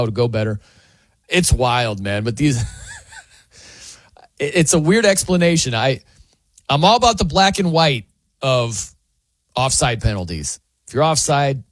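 Male sports radio host, animated storyteller with a swooping delivery, dry studio sound. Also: medium pitch, measured pace, long pauses, dry recording. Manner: animated, chatty, laughs often. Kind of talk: casual sports talk monologue.

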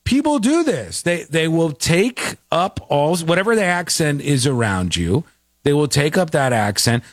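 Animated man reacting in casual chat. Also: on the high side, unhurried, no echo, clean studio sound. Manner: animated, repeats himself, laughs often. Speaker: show host.

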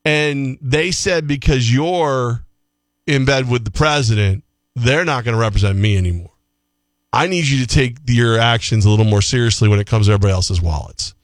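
A man's voice: medium pitch, normal speed, dry recording, studio quality. A middle-aged man co-hosting a sports talk show, rambling casually with lots of restarts. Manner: rambling, animated, restarts often.

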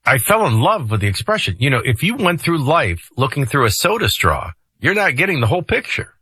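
A middle-aged man hosts a radio morning show in a folksy, joking way. His voice is bright and forceful with a touch of husk, and his pitch swings up and down a lot. The sound is dry and close on a studio microphone. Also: a little fast, husky, dry recording. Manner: folksy, joking, lively delivery. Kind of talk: casual radio talk.

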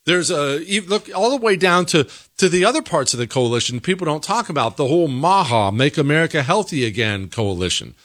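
A man's voice: fairly high pitch, expressive, fairly quick, hardly any pauses, a bit bright, dry recording, studio quality. A man hosting a political commentary monologue, talking in an opinionated, emphatic way. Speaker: host.

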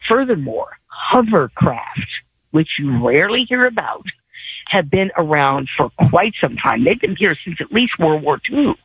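A woman's voice: sits low, big pitch swings, measured pace, slightly rough, dry recording. A woman from Virginia calling in to a radio show, rambling through conspiratorial musings. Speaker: radio caller. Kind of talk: phone-in call. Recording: tinny phone line.

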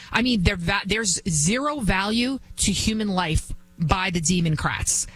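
A woman's voice: mid-range voice, a bit bright, no room sound, low-quality recording. Woman ranting on a talk show, fired up and repeating herself. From United States. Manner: impassioned, emphatic, repetitive. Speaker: political commentary host. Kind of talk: opinionated monologue.

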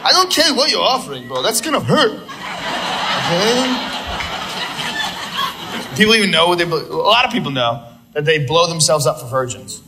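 A man performing stand-up comedy, growing animated and shouting through his bits. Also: on the high side, normal speed, pauses often, background noise. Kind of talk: stand-up set.

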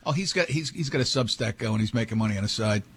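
Radio host, male, husky voice, rambling anecdotes in loose studio banter. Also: on the low side, expressive, fast. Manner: rambling storyteller, many restarts.

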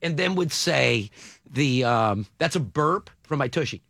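Gravelly bright-voiced radio host man. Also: medium pitch, expressive, dry recording, clean studio sound. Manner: joking, rambling, quick asides. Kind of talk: casual morning radio banter.

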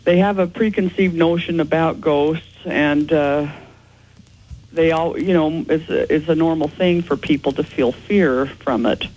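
A man's voice: on the high side, a little slow, a little mellow, poor audio. A man answering interview questions as a ghost investigator, explaining in a matter-of-fact way.

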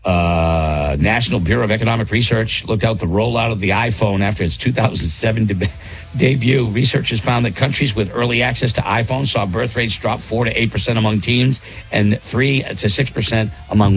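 Gravelly-voiced man hosting radio chat. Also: on the low side, brisk, soft background music. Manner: rambling, easygoing, many fillers. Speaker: radio show host. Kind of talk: casual morning radio chat.

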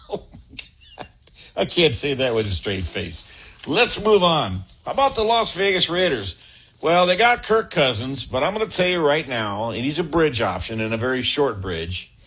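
A man's voice: mid-range voice, fairly bright tone, slightly rough. A middle-aged man giving an opinionated sports talk monologue, blunt and sarcastic with emphatic asides. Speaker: sports commentator.

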